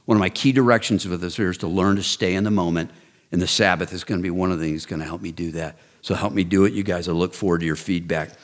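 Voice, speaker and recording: A man in his sixties giving an earnest, direct ministry talk, building to excited, emphatic storytelling. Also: low voice, fast. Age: 60s. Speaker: men's ministry leader. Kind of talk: personal testimony talk.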